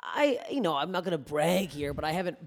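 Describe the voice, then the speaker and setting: A woman's voice: low-pitched, brisk. A young adult woman comedian chatting casually on a podcast, telling stories with lots of swearing. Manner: animated storyteller, swears freely. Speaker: stand-up comedian.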